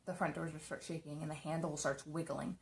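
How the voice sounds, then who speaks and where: A woman's voice: low voice, fairly quick, gravelly, slight background noise. A young woman casually telling spooky personal stories from her apartment, chatty and swearing freely. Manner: chatty, swears often, animated retelling. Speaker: beauty vlogger. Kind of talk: casual storytelling.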